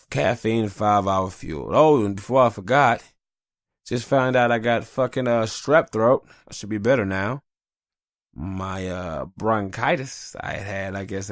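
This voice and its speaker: A man's voice: on the low side, no room sound, studio quality. A tired man hosting a podcast in casual, rambling, profane chat. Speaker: podcast host.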